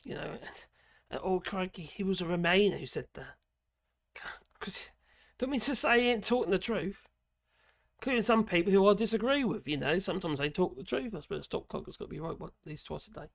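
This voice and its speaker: On a live stream, a man rambles through opinionated political commentary in a croaky, hoarse voice that sits a bit high for a man and is heavy with gravelly fry. He's expressive yet talks casually and haltingly, filling his speech with fillers and colloquial asides.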